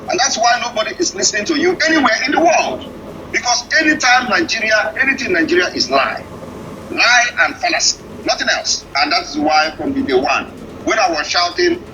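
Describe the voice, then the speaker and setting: A man's voice: very high voice, very animated, quick pace, vocal fry, noisy background. A man speaking as a political activist, delivering a defiant, accusing speech on a live audio space and firing off rhetorical questions. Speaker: political activist addressing opponents.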